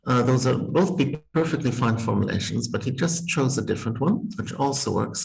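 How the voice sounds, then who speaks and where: A man's voice: mid-range voice, moderate pace, creaky, few pauses, a little hiss or hum, rough recording. A man teaching as a university Sanskrit professor, thinking aloud with careful restarts and small laughs, talking over a video call. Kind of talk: university text-reading seminar.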